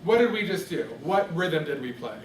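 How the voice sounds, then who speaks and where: In an echoey classroom, a man with a fairly high, expressive voice speaks at normal speed as he patiently quizzes music students by name. The recording is distant and echoey, with noise in the background.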